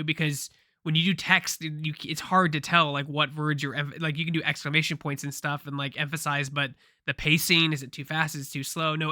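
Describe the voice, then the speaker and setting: A man's voice: fairly high pitch, bright, forceful tone, dry recording, clean studio sound. A man co-hosting a casual pop culture talk show, rambling and opinionated with frequent restarts. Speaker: co-host. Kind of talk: casual podcast discussion.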